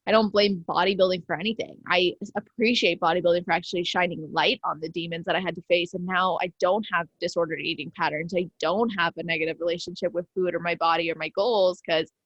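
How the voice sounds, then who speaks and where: A woman's voice: on the low side, steady tone, fast talker, few pauses, no room sound, muffled recording. A woman hosting a podcast interview, effusive and affirming, talking casually with lots of fillers. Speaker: podcast host.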